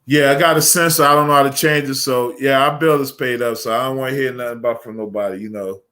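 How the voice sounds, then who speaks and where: A man's voice: medium pitch, steady tone, quick pace, sharp tone. Folksy joking imam, man. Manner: joking, folksy, many fillers. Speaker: imam on a panel. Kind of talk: casual advice talk.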